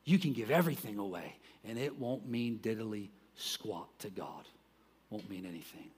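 A man preaching a sermon as pastor, talking conversationally, breaking into loud emphatic bursts, dropping into quiet asides and joking about himself. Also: fairly low pitch, animated, normal speed, slight background noise. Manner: self-deprecating joking.

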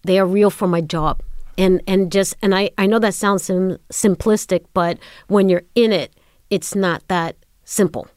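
A woman's voice: mid-range voice, fairly even intonation, a little slow, darkish tone, smooth, no room sound, clean studio sound. A middle-aged woman being interviewed, in casual chat, telling stories and acting out the exchanges she recalls. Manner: storytelling, acting out quoted exchanges. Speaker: guest.

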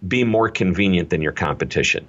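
Low-voiced middle-aged man telling business stories. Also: fairly quick, muffled recording. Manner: energetic, anecdotal, repeats key phrases. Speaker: guest speaker on customer service. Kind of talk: interview storytelling.

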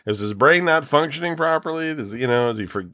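A man's voice: a little high, fairly quick, no echo, studio quality. A middle-aged man co-hosting a podcast, telling stories in casual chat, swearing and laughing often. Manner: animated storyteller, swears, laughs a lot. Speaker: podcast co-host.

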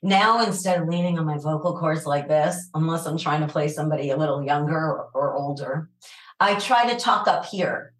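A woman from New York City speaks with a low, raspy voice and a New York accent. She chats with animated energy and frequent laughter, her voice sitting on the deep side. The room around her is noticeably echoey. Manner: animated, laughs often, quick asides. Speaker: voiceover actor, guest. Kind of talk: casual interview chat.

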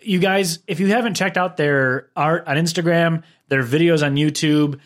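A man's voice: fairly high pitch, normal speed. Upbeat man hosting a gaming podcast. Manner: laughs often, rambling with restarts. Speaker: podcast host. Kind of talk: casual podcast chat. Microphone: shared microphone, leaning away at times.

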